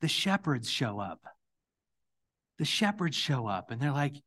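Man, middle-aged, pastor, conversational sermon, slightly high voice, going hoarse, emphatic questions. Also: very animated, unhurried, pauses often, fairly bright tone.

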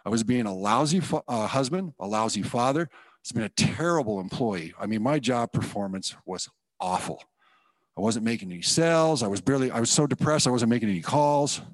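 A man giving a personal testimony in church, telling his story in an animated, self-deprecating way and acting out the thoughts he had. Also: mid-range voice, brisk, no room sound. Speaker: guest speaker giving testimony.

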